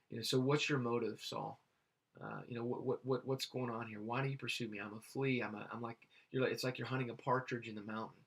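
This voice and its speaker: Man, Bible teacher, reads scripture then explains, halting, fillers, medium pitch. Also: steady tone, breathy edge. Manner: halting, many fillers and restarts.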